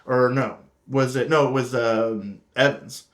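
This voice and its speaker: Young male podcast co-host, mid-pitched, loose and filler-heavy delivery. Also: steady tone, unhurried. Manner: loose, filler-heavy storytelling, easy laughter. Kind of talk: casual podcast chat.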